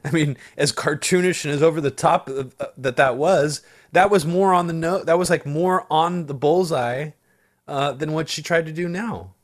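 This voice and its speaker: A man's voice: fairly high pitch, moderate pace. A man talking politics in casual chat, swearing freely and restarting his sentences as he thinks. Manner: casual, profane, rambling with restarts.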